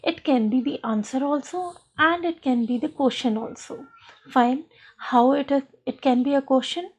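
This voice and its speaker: A woman's voice: high voice, moderate pace, breathy edge. A woman teaching a recorded school French lesson, explaining patiently and saying "fine" often.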